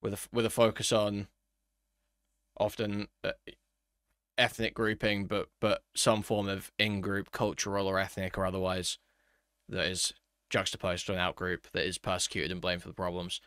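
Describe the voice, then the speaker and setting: A man's voice: deep voice, level tone, normal speed, a bit bright, clear, resonant tone, no room sound, clean studio sound. A man doing mocking reaction commentary, sarcastic and incredulous. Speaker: commentary streamer.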